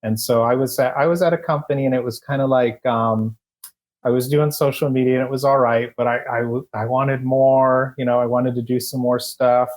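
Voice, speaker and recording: A man guesting on a podcast, telling his story in a rambling, relaxed and chatty way. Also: medium pitch, brisk. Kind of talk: casual storytelling interview.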